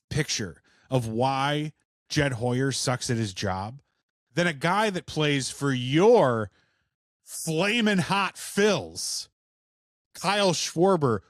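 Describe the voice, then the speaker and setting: Male co-host, fired-up profane rant, slightly high voice, dry close sound. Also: fairly bright tone, no echo. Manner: profane, ranting. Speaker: podcast co-host. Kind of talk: casual chat.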